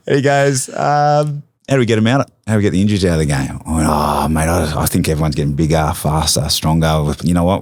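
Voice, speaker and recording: A man's voice: very deep voice, dry recording. An Australian man telling casual stories from his sporting career, acting out quoted lines with bursts of laughter. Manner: animated anecdotes, acts out quotes with laughter. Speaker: podcast guest, former rugby league captain. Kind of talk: casual storytelling chat.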